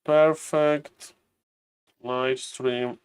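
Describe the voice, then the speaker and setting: A man's voice: mid-range voice, steady tone, very slow, clear, resonant tone, no room sound. A man chatting casually on a live stream, greeting viewers by name and thinking aloud as he waits for a match. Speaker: streamer and caster.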